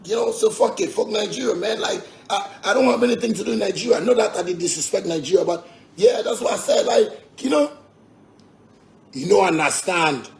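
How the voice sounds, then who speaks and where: A man's voice: sits high, brisk, gravelly. Combative man with Ghanaian Pidgin accent. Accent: Ghanaian Pidgin English. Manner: combative, repetitive, swearing, laughing asides. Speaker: musician. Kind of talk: heated rant to fans.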